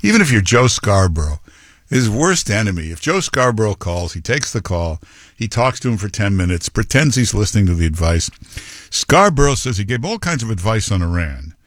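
A man's voice: lowish voice, big pitch swings, brisk, dry recording, studio quality. A man hosting a talk show, delivering rambling, opinionated political commentary. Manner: rambling, opinionated, with quoted impressions. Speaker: talk radio host.

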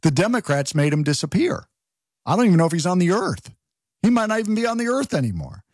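A man holds forth on his talk radio show, firing off rhetorical questions and restarting sentences as he goes. His slightly high voice swings up and down in pitch. The studio sound is close and dry. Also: very animated, fast, a little mellow, dry recording. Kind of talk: political talk radio monologue.

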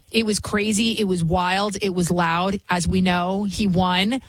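A woman hosting a talk radio show who talks fast, barely pausing, in an opinionated and mocking way. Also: fairly low pitch, steady tone, no room sound, rough recording. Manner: talks fast, rarely pauses; mocking, sarcastic.

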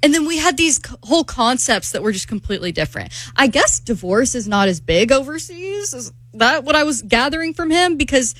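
A young woman on a radio show tells a dating story in an animated, chatty way. Her voice sits high. The studio sound is close and dry, with no room around it. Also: fairly quick, few pauses, no room sound. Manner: animated, quotes others in put-on voices. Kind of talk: casual radio chat, storytelling.

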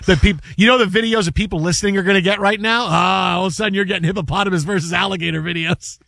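Animated, joking man in sports talk. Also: sits high, racing, vocal fry, no echo. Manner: animated, joking, rambling storyteller. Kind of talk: casual chat.

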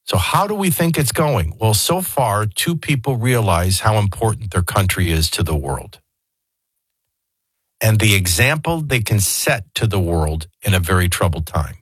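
A man with a lowish, slightly husky voice hosts a talk radio show and talks things through in a loose, digressive way. His folksy asides come across close on a studio microphone with a dry, dead sound. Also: lively intonation, unhurried, fairly bright tone, no room sound. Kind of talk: casual talk radio commentary.

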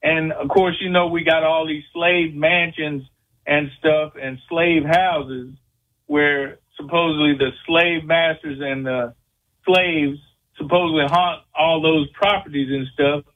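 High-voiced Louisiana man on a phone line. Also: steady tone, slow pace. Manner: chatty, rambling, folksy. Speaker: caller. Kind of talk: phone-in question to radio guests. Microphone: telephone.

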